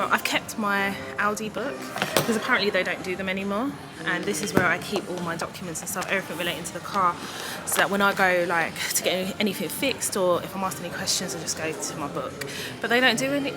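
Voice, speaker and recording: A woman chatting to camera as a vlogger at a car dealership, in a rambling, excitable way. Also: mid-range voice. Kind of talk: casual chat to camera.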